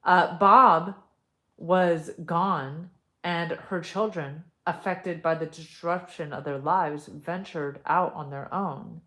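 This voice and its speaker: Slow, low-pitched woman, storytime reader who stops for casual asides. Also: fairly bright tone. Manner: reads slowly, breaks off into chatty asides. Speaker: storyteller reading a family story aloud.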